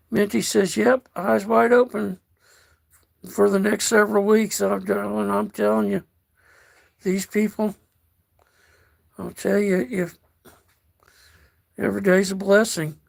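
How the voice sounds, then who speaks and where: An older American man hosting a casual livestream, reading out chat messages in a slow, folksy way and calling viewers darling. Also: high-pitched, creaky. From United States.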